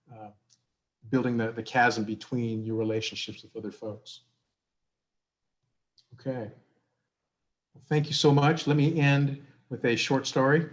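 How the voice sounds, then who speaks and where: Male workshop presenter, conversational, asks the room questions. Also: mid-range voice. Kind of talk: workshop talk and storytelling.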